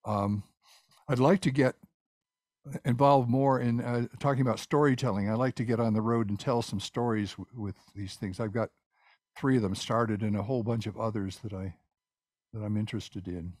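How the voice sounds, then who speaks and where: A man's voice: fairly low pitch, fairly even intonation, normal speed, darkish tone, no room sound. An older male composer answers questions over a video call. He rambles and restarts his sentences often. The sound is dry, with no room around it. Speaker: guest speaker, composer. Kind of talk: casual presentation and Q&A.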